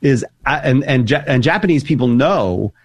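A man's voice: mid-range voice, lively intonation, normal speed, slightly rough, dry recording. A man co-hosting a casual radio show, chatting eagerly and enthusiastically. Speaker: co-host.

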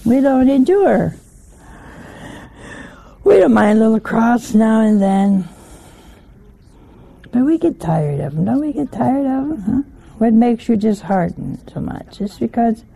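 A woman teaches scripture at an unhurried pace, in a mellow, gravelly voice. She talks in a folksy, humorous way and keeps asking her listeners rhetorical questions. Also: a little high, lively intonation. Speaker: religious teacher.

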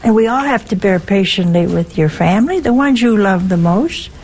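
A woman's voice: mid-range voice, expressive, moderate pace, darkish tone, slightly rough, poor audio. A woman, a nun, giving a spiritual talk with folksy stories and pointed rhetorical questions. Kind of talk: sermon.

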